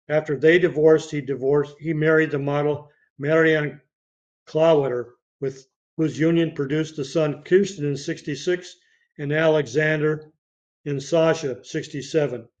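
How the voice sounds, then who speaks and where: Man, podcast host, slightly high voice, reading obituaries steadily, occasional restarts, dull lo-fi sound. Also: darkish tone. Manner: reads dates and credits steadily, with occasional slips and restarts.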